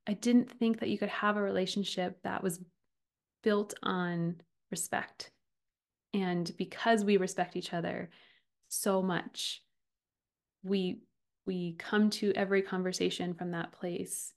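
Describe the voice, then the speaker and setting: A woman in her thirties hosting a podcast, talking earnestly and from the heart about relationships, often with a soft laugh. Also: medium pitch, little pitch movement, unhurried, gravelly. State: getting emotional. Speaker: podcast host and relationship coach. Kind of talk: personal podcast monologue.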